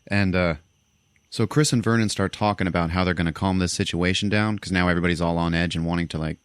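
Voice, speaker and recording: A man with a deep, low voice hosts a casual podcast and retells a film's plot with relish. He swears freely and jumps into the characters' lines as he goes. The sound is dry and close, with no room behind it. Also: quick pace, smooth, no room sound. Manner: animated, profane retelling, acting out lines. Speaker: podcast host. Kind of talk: casual movie recap.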